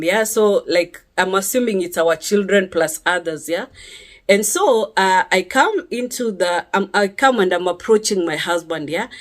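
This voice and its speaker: A woman telling a personal testimony in a casual vlog, chatty and earnest, often checking in with her listeners. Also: mid-range voice. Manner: chatty, checks in with listeners by asking "yeah?" again and again; earnest and emphatic, sometimes rising sharply on key words. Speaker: vlogger sharing a personal testimony.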